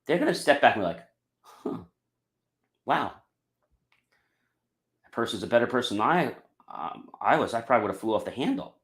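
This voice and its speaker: Animated motivational male podcaster, roomy sound. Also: mid-range voice, very fast. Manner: emphatic, repeats "okay" and "ladies and gentlemen". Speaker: podcast host. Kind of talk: motivational talk. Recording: roomy echo.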